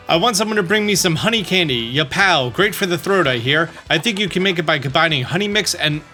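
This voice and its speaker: A man's voice: fairly high pitch, lively intonation, normal speed, pushed and bright, faint music behind. A man reading the lines of a male bomb creature with a stuffy cold, who tacks blast sounds onto his sentences. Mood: grumpy.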